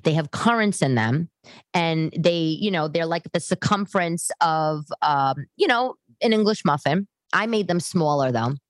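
Low-voiced chatty New York-area woman. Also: expressive, a little slow, dry recording. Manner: chatty, rambling with tangents and asides. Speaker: podcast host and stand-up comic. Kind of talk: casual chat podcast. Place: living room.

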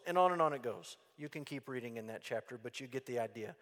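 A man's voice: medium pitch, lively intonation, fast, hardly any pauses, a bit bright. A man preaching a sermon, earnest and emphatic, repeating key phrases for weight. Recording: long hall reverb.

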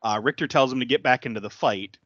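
A man co-hosting a podcast, recapping a movie in casual chat and jumping up in pitch whenever he quotes a character. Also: fast talker, dry recording, dull audio. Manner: animated retelling, jumps up in pitch for quoted characters, laughs often. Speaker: podcast co-host.

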